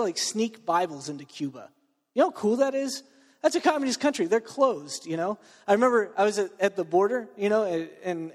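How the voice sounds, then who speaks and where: A man from Texas with a cold, giving a chatty, joking sermon to a student group, full of fillers and restarts. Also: sits high. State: under the weather with a cold. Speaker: preacher. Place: large meeting room. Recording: long reverb in a large room.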